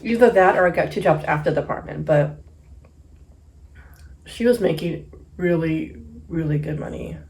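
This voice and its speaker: Woman, 30s, mukbang host. Low-ish voice, casual storytelling, laughs a lot. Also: normal speed, long pauses. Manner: chatty, laughs often, acts out quotes loudly. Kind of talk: casual storytelling while eating.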